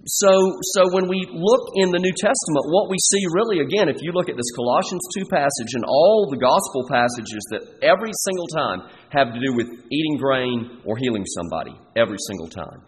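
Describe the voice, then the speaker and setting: Earnest preacher pressing rhetorical questions. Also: male voice, a little high, expressive, brisk, few pauses. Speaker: pastor. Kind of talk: sermon. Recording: long hall reverb, faint background noise.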